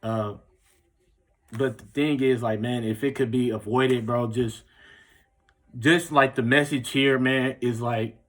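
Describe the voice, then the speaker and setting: A man's voice: mid-range voice, fairly even intonation, slow, pauses often, fairly bright tone. A young man, telling a personal story in a rambling, casual way full of filler words. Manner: rambling, heavy use of "like" and "bro". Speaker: vlogger.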